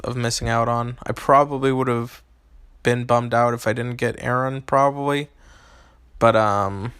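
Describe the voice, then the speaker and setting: A man's voice: medium pitch, a bit bright, no room sound, studio quality. A young man streaming a mobile game, reading out and answering chat questions in a loose, hesitant way with lots of ums and restarts. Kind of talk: casual live-stream chat.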